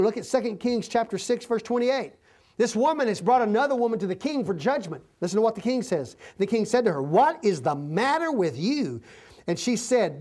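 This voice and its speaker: An earnest preacher delivering a Bible-teaching sermon in a mid-pitched voice. The delivery halts now and then, with restarts and self-corrections. Scripture passages are read aloud in the same voice. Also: a little mellow.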